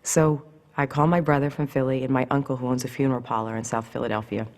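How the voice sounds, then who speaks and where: An interviewee recalling a story quickly. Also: medium pitch, level tone, a little mellow.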